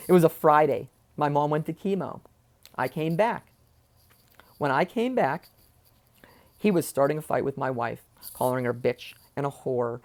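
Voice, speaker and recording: A man's voice: fairly high pitch, a little mellow. A man sits at home with headphones on and tells a family story straight into a close mic. He talks with heated indignation, firing off rhetorical questions, stumbling into repeats and swearing as he goes. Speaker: vlogger telling a family story. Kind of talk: agitated personal storytelling. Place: at home, seated in a chair. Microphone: wearing headphones, close mic.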